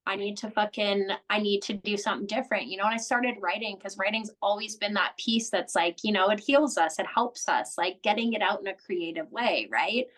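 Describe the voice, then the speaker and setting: Woman guest, mid-pitched, earnest and heartfelt, rambling run-ons. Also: brisk, hardly any pauses, fairly bright tone, poor audio. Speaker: podcast guest. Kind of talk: candid unscripted chat.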